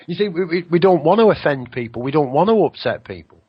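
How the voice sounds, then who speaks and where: A man's voice: fairly high pitch, lively intonation, fast, hardly any pauses, husky, lo-fi sound. A man hosting a radio show, rambling through a spiritual monologue, swearing now and then and slipping into mocking voices for other people.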